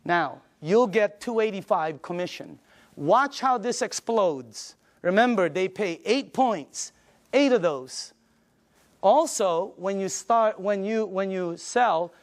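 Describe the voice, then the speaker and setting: Energetic high-voiced older man pitching a business. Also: takes it slowly. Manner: energetic, emphatic, acts out phone conversations. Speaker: business presenter. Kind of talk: sales presentation.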